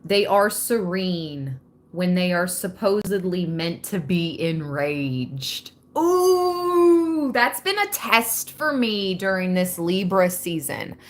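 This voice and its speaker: A woman's voice: on the low side, sing-song, slow. A woman hosting a live spiritual reading, chatty and laughing often as she talks straight to her viewers. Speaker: tarot reader hosting a livestream.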